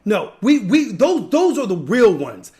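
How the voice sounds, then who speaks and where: Guy with a pretty high voice going off on a rant, loud and preachy, repeats himself a lot. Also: very animated, unhurried. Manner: emphatic, repetitive, preachy. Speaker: podcast host. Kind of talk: ranting commentary.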